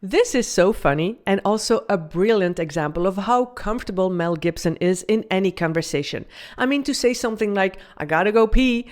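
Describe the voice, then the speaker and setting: A woman's voice: medium pitch, a little fast, hardly any pauses. A woman host giving upbeat, scripted commentary about communication and confidence. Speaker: video host and communication coach.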